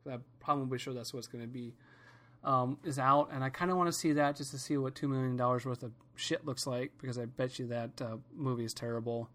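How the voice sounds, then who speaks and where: A man rants casually on his podcast, swearing often and wandering from one gripe to the next. His voice is bright and forceful, and he tells his stories with animated comedic energy. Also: mid-range voice, fast talker. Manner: profane, rambling, animated storytelling. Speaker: podcast host.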